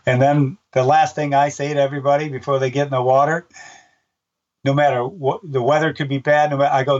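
An older man, a race announcer, chatting in an interview and acting out his own shouts as he tells stories. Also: a little high, fairly quick, distant mic, muffled recording. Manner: animated storyteller, acts out his own shouts. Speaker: race announcer and book author. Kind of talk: casual interview chat.

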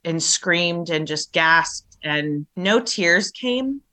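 A middle-aged woman, shaken, telling a painful personal story in a halting way with many restarts. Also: fairly low pitch, expressive, sharp tone. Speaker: guest.

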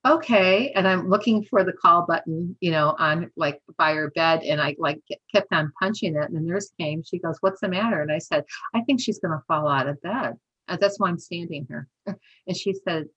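Husky low-voiced woman telling stories. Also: a bit bright, muffled recording. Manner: chatty, peppered with "you know" and laughter, acts out dialogue. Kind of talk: casual storytelling.

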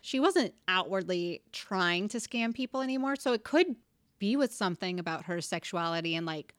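A woman's voice: mid-range voice, lively intonation, moderate pace, no echo. A young woman co-hosting a podcast in casual chat, telling a story with asides and laughs. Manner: chatty storytelling, reads out facts with asides and laughs. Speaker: podcast co-host.

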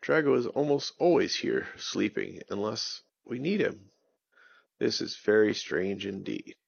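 A man voicing a brave young male hero who leads his friends calmly. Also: on the low side, measured pace, vocal fry, breathy edge, no room sound, highs cut off, heavily acted. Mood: steady.

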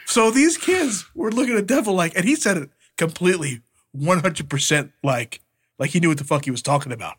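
Animated, husky-voiced man telling wrestling stories. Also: sits high, fairly quick. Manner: profane, animated storyteller who imitates others. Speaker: podcast co-host, former wrestler. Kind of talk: casual storytelling chat.

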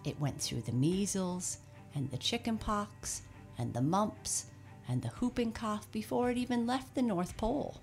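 A woman voicing a jolly, brisk old male Santa Claus in a hearty, bustling manner. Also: mid-range voice, expressive, darkish tone, faint music behind, voice pushed up.

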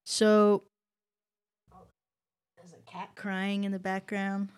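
A woman hosting a casual comedy podcast, joking and riffing with her guest in quick asides. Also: mid-range voice, completely flat delivery, a little mellow, clean tone. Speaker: podcast host.

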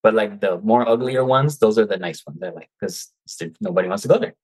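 A man's voice: lowish voice, lively intonation, brisk, darkish tone, poor audio. A man who is a guest coach on an interview show, speaking in casual chat and acting out his own quoted reactions. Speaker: guest, seller turned coach.

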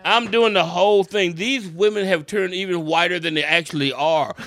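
Middle-aged comedian guy telling stories, swears a lot, laughs through it, bright voice, dry close mic. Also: high voice, normal speed, dry recording. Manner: animated, profane, laughs through his stories. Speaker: stand-up comedian guest. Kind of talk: comic storytelling in casual chat.

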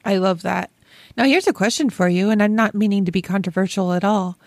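A woman's voice: medium pitch, brisk, darkish tone, no echo. Candid woman chatting, dry close sound. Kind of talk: conversational podcast talk.

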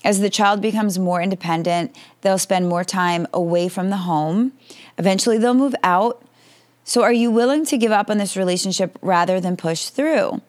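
A woman's voice: mid-range voice, moderate pace. A woman in her forties hosting an advice podcast, answering listener questions in a direct, reassuring way.

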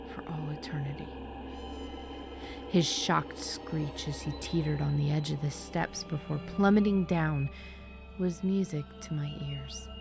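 A woman narrating a spooky story, often dropping into a hushed, breathy half-whisper. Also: deep voice.

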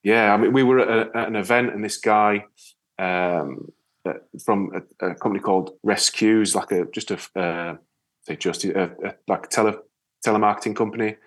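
A man from with a fairly low voice, talking as a guest in a relaxed interview. He is a lively storyteller who slips into the voices of the people he describes. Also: normal speed. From Yorkshire, England. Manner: storytelling, lively, animated re-enactments. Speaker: guest, ocean rower. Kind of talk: casual interview chat.

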